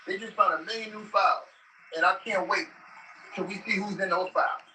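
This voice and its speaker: Guy ranting on a live stream, high bright voice, repeats himself a lot, sounds far off with faint hiss. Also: fairly even intonation, brisk. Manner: repetitive and emphatic, addresses viewers directly. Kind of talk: livestream rant. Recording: distant clip played back with faint noise.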